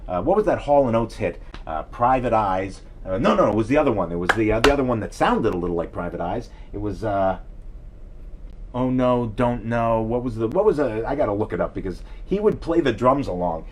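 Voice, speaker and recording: A man's voice: on the low side, animated, fairly quick, slight background noise. A middle-aged man hosting a live stream, telling rambling self-deprecating stories and answering viewer comments. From New York City area. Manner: digressive storyteller, chatty, self-deprecating, reads viewer comments aloud. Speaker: livestream host.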